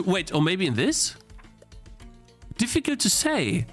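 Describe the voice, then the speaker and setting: A man's voice: high voice, wildly swooping pitch, measured pace, pauses often, fairly bright tone, soft background music. A young man streaming a game he is playing, thinking aloud, restarting his sentences and getting easily frustrated. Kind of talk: live-stream gameplay commentary.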